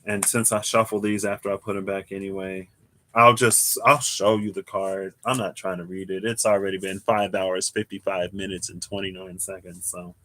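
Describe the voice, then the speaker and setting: A man giving a casual livestream tarot reading, thinking aloud in a rambling way with restarts and soft chuckles. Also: sits low, little pitch movement, normal speed. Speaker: tarot reader.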